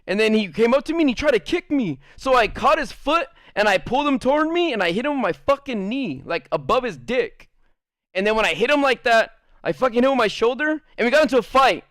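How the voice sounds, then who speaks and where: A man with a high voice tells a childhood story in a loose, rambling way, swearing freely. The sound is dry and close. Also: big pitch swings, fast talker, fairly bright tone, dry recording. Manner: rambling, profane, laughs often. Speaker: streamer. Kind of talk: casual storytelling.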